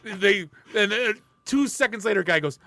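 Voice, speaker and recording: A man from the Detroit area spins a long story in a lively, profane way as he co-hosts a casual podcast. His voice sits fairly high for a man, and it is recorded dry and close with no room sound. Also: normal speed, creaky, no room sound. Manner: animated storyteller who swears freely. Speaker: podcast co-host.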